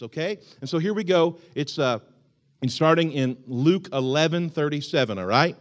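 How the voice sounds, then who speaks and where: A young adult man who is a pastor, preaching a sermon in a church in a joking, animated way. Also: a little high, moderate pace. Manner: joking and animated, with laughs and put-on shouts. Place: church sanctuary.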